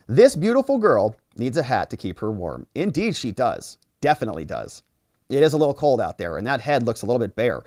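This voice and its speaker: Animated sarcastic male livestream host. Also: medium pitch, no echo, studio quality. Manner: animated and sarcastic, quick asides. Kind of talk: live political commentary, reading viewer comments.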